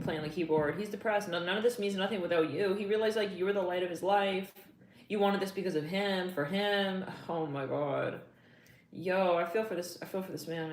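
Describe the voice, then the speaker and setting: Emotional chatty woman reading tarot. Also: on the low side. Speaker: tarot reader. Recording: echoey room, faint noise.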